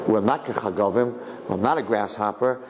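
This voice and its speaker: A man, a rabbi, giving a conversational sermon as an animated storyteller who acts out voices. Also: fairly low pitch, fast. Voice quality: gravelly. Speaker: rabbi lecturing. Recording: reverberant hall, faint background noise.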